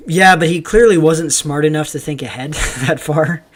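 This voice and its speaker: A man's voice: a little high, moderate pace. Rambling Canadian-raised man streaming. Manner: reads viewer chat aloud and answers it; rambling with frequent ums. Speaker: livestream host. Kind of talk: casual livestream commentary.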